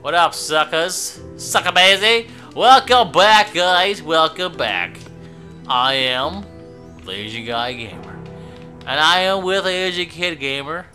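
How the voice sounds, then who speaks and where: Middle-aged man, gaming host, excitable, slangy, bouncy pitch, faint music underneath. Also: slow pace. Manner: excitable, slangy, laughs often. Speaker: gaming channel host and father. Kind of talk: casual let's-play commentary.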